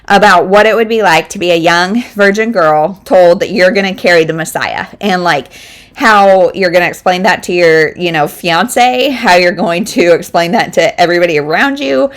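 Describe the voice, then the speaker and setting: A woman's voice: lowish voice, normal speed. Chatty woman book vlogger. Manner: chatty, rambling with many fillers. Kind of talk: casual chat.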